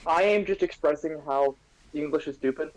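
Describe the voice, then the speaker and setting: A man's voice: fairly high pitch, normal speed, a little hiss or hum, rough recording. A man in casual stream chat, ranting in exasperation about a pet peeve.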